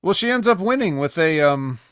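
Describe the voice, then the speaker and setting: A man's voice: fairly high pitch, animated, fairly quick, fairly bright tone, smooth, no room sound. Dry-joking man recapping wrestling. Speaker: wrestling show co-host. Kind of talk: casual podcast chat.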